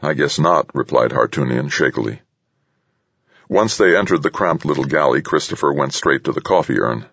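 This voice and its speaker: A man narrating a thriller audiobook in a steady, measured way. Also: extremely low pitch, gravelly, husky, no room sound, dull audio. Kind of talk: scripted narration.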